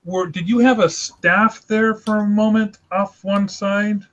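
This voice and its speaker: A man with a slightly high voice on a video call, commenting on his friends' drawings. His audio sounds dull and lo-fi. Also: steady tone, measured pace, fairly bright tone. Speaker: artist in an online drawing group. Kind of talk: casual chat while drawing. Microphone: video call mic.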